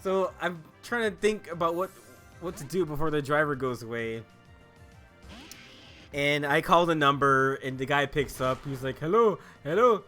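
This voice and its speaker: Casual, animated host, swears and laughs a lot over gameplay. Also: male voice, fairly high pitch, moderate pace, faint music behind. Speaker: gaming video host.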